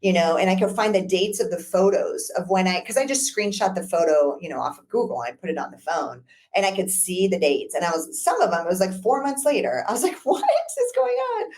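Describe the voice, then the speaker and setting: A woman's voice: fairly low pitch, a little fast, hardly any pauses. A woman guest on a business podcast, a broker talking casually and laughing often as she tells stories. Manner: chatty, laughs often, lively storytelling.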